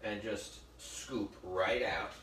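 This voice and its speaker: A middle-aged man runs a relaxed cooking demo in his kitchen, speaking slowly in a lowish voice over background noise. He tells stories and makes jokey asides to viewers, and the echoey room is recorded from a distance with faint ambience.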